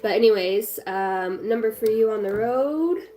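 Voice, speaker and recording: A woman's voice: fairly high pitch, normal speed, noisy background. A woman giving a casual, blunt, encouraging tarot reading at home, swearing freely. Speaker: tarot reader. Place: home with her small child nearby.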